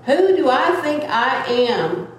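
A woman giving a loud, earnest, plain-spoken sermon-style talk in a church. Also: high voice, big pitch swings, slow. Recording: echoey room from far off.

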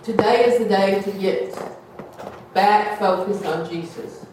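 In a small church hall, a woman with a medium-pitched, unhurried voice preaches a folksy sermon to a small congregation, now and then acting out gossip in playful voices. She's recorded from far off in an echoey room, with faint ambience and a noisy background.

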